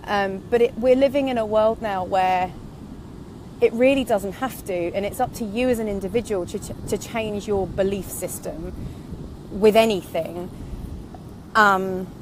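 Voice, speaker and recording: A woman's voice: medium pitch, measured pace, long pauses, a little hiss or hum. A woman in her thirties, a vlogger talking candidly and going off on tangents while she walks, a little out of breath. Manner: candid, rambling, goes off on tangents. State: slightly out of breath from walking. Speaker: online business vlogger. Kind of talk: casual reflective monologue. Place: outdoors, walking.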